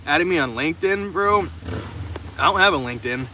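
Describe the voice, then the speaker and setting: A young male streamer rambles through viewers' comments, often stopping and restarting his sentences and swearing casually. His voice is bright and slightly high. Faint rain and passing cars can be heard behind him as he talks into his phone from a car trunk. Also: lively intonation, brisk, long pauses. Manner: rambling and profane, with many stammered restarts. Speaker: live streamer. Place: outdoors, sheltering in the open trunk of a car in the rain. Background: faint rain and passing traffic.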